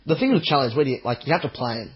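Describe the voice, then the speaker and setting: A man co-hosting a football podcast, talking enthusiastically and chiming in with quick agreements. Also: medium pitch, big pitch swings, husky. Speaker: podcast co-host. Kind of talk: casual football chat. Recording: dull lo-fi podcast audio.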